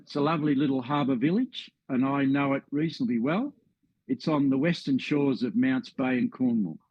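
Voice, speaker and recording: A man's voice: medium pitch, husky, dry recording, muffled recording. A man with an Australian accent presenting a history talk as a story, friendly with wry asides.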